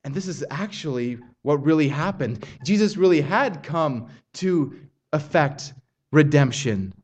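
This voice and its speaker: A man's voice: fairly high pitch, lively intonation, a little slow, a little mellow, husky. A man preaching an expository sermon, earnest and building intensity on quoted passages. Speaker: pastor.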